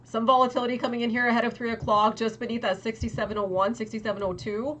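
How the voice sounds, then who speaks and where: A young woman hosting a trading livestream, talking casually and quickly to her chat with lots of "like" and exasperated asides. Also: a little high, little pitch movement, fairly bright tone. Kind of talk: casual market commentary to chat.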